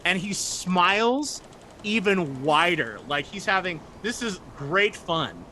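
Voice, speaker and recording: A man's voice: high voice, sing-song, slow, bright, forceful tone, a little hiss or hum. A man narrating a tabletop game as game master, chatty and joking, describing the scene and what the characters do. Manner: chatty, joking, voices sailors briefly.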